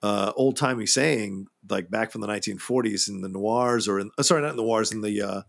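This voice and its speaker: Husky, gravelly man talking films. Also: fairly low pitch, brisk. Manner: conversational, many fillers, trivia-minded. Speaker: podcast co-host. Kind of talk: casual film discussion.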